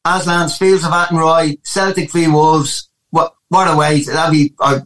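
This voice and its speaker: A man from Ireland with a Dublin accent, a guest musician telling animated stories in a casual interview, with frequent restarts. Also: on the high side, a little slow, low-quality recording. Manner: animated storytelling with many restarts.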